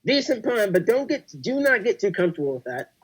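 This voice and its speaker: A young man talks casually on a podcast, excitable and full of hype, driving each point home by repeating it. His voice sits fairly high for a man. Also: fairly quick, slightly rough, poor audio. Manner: excitable, repetitive hype talk. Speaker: podcast co-host.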